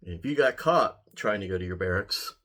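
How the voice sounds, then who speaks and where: A deep-voiced army veteran from Ohio, a pipe-smoking vlogger, tells a story quickly and with animation. His tone is sharp, and his casual, dry, wry delivery keeps breaking into chuckles at himself.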